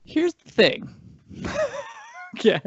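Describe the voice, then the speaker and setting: A man co-hosting a casual movie-review podcast, rambling and animated, often correcting himself mid-sentence. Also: slow pace. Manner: rambling, animated, frequent self-corrections and laughs. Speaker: podcast co-host. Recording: dull lo-fi dry sound.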